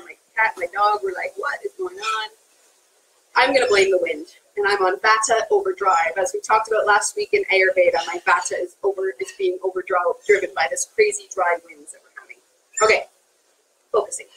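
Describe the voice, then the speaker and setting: Bubbly woman chef, high and lively voice, chatty live cooking host. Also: a little hiss or hum, poor audio. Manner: chatty and bubbly, laughs often. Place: kitchen.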